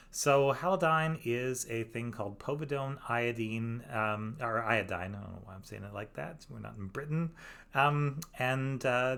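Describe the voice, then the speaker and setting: A man's voice: mid-range voice, fairly bright tone. A middle-aged man, a virologist, casually reads out viewers' questions and explains the science in a chatty way, with frequent ums and asides. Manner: chatty, many fillers, reads questions aloud and comments.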